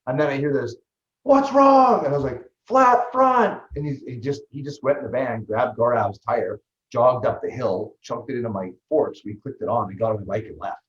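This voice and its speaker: A man, a guest on an interview show, telling his story in a lively, fast way with many restarts. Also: mid-range voice. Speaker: guest, ultraman athlete and trainer. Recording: roomy, slightly dull sound.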